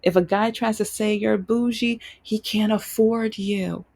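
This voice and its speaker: A woman's voice: mid-range voice, steady tone, unhurried, darkish tone. A woman hosting her own show, telling a personal story in an emotional, frank way. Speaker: podcast host.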